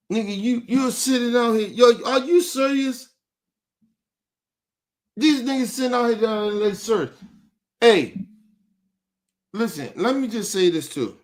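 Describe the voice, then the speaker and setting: Angry man ranting in street slang. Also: sits high. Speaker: podcast host. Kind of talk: heated rant to camera.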